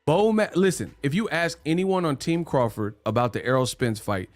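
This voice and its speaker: Slangy boxing streamer guy, kinda high voice, dry mic, faint music under. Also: measured pace, no room sound. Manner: animated, slangy, laughs often. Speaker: boxing channel host. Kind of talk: livestream commentary.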